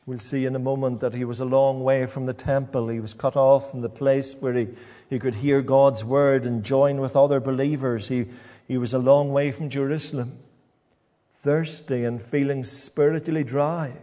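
Preacher with a mellow voice in a reverberant hall. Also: male voice, mid-range voice, fairly even intonation. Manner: halting, repeats words as he goes. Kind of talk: sermon. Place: church.

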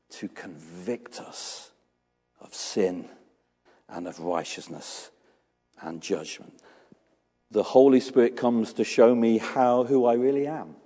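A man preaching a sermon as pastor, animated and storytelling, acting out small dialogues with his congregation. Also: deep voice, long reverb tail.

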